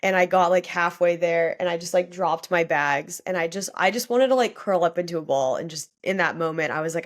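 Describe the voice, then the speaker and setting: A woman's voice: fairly low pitch, normal speed, few pauses. A young woman, a guest on a podcast, telling a personal story candidly and with feeling, often saying "like". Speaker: guest athlete.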